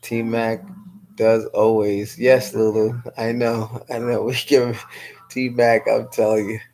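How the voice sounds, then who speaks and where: Slow, gravelly New woman. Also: a bass voice, little pitch movement, warm tone, slight background noise, low-quality recording. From New York City. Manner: chatty, laughs often, answers viewers by name. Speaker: guest on a live-streamed show. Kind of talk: casual chat, reading viewer comments aloud.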